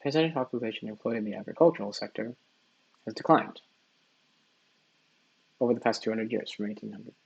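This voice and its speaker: A man working through practice test questions out loud, half-reading and mumbling his reasoning as he goes. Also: fairly low pitch, fairly quick, creaky, long pauses, slightly rough, lo-fi sound. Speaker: test-taker and tutor. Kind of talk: think-aloud practice test, muttering while reading.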